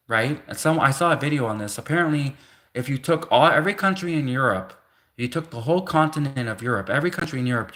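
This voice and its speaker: A man's voice: medium pitch, fairly bright tone. Rambling man in his thirties. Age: 30s. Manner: rambling, many restarts and "like" fillers, laughs between thoughts. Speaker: livestream host. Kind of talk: casual rambling monologue.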